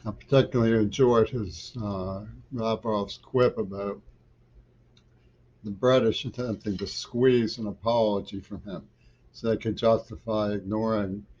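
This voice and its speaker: A man's voice: lowish voice, fairly even intonation, a little slow, darkish tone, muffled recording. A middle-aged man, a poet, gives a digressive political monologue with loose trains of thought that grow insistent.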